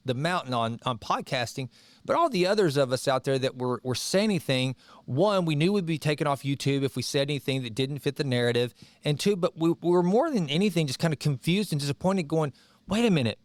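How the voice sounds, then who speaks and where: Podcast host, middle-aged man, conversational and digressive, fairly high voice, dry close sound. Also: no echo. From Texas. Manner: conversational, digressive, chatty asides. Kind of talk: casual monologue reading and commenting on an article.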